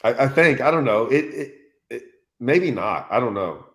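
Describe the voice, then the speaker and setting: A man chats casually as a fishing host, spinning a story with laughs. He acts out what others said in quick voiced quotes. His pitch sits in a middle range for a man. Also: very animated, fairly bright tone.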